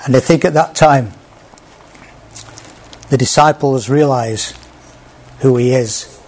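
A man's voice: medium pitch, takes it slowly, darkish tone. A man preaching a sermon in a plain conversational way, with small restarts. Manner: conversational, with small restarts, acts out quoted speech.

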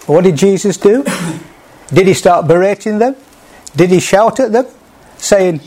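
Conversational male preacher, fairly high voice. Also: animated, moderate pace, pauses often, darkish tone. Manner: conversational, with small restarts, acts out quoted speech. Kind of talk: sermon.

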